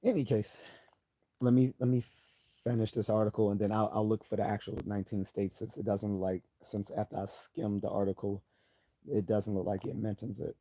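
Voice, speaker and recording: Low, mellow-voiced man streaming live. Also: level tone, brisk. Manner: chatty, self-interrupting, opinionated asides. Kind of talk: casual live stream commentary, reading an article aloud.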